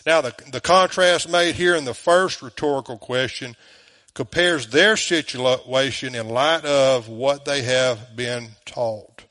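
A man's voice: medium pitch, slow pace, a bit bright. A man with a Southern US accent, preaching a sermon as pastor, emphatic and full of rhetorical questions, in a church.

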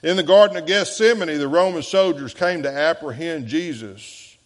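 A pastor preaching a sermon, swinging between loud, emphatic bursts and soft, low passages. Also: male voice, normal speed. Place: church sanctuary. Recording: echoey church sanctuary.

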